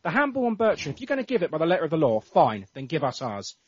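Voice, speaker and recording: A man's voice: on the high side, huge pitch swings, quick pace, breathy edge, no echo. A man co-hosting a casual football podcast, ranting in exasperation and swearing often. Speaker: podcast co-host. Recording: dull lo-fi podcast audio.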